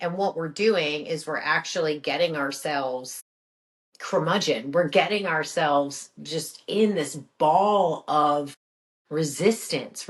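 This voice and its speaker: A woman's voice: fairly low pitch, fairly bright tone. Chatty woman hosting a wellness podcast. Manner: chatty, storytelling, acts out her own inner voice; repeats phrases for emphasis. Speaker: podcast host. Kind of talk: casual spoken monologue.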